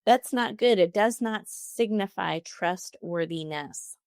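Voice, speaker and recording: A woman's voice: mid-range voice, slow pace, darkish tone, dry recording, studio quality. A woman hosting a solo podcast, giving chatty, encouraging advice and laughing often. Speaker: podcast host.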